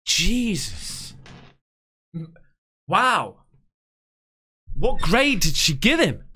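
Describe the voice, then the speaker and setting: A man's voice: sits high, wildly swooping pitch, drawn-out words, bright, forceful tone, breathy edge. A man hosting a reaction video, talking casually and emotionally and swearing often.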